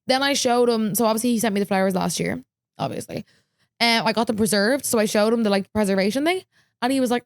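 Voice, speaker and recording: A woman's voice: on the high side, fairly even intonation, quick pace, no echo. Woman, 20s, podcast host; chatty storyteller with a dry, close mic. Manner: chatty storytelling, filler-heavy, quotes herself. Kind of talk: casual chat.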